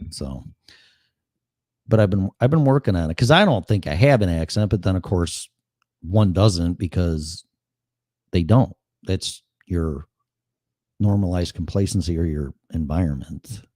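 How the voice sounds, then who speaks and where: A man's voice: low voice, expressive, a little slow, mellow, no room sound, clean studio sound. A man in his sixties from Chicago, with a Chicago accent, hosting a casual live-stream monologue in a blunt, profane and rambling way. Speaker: show host.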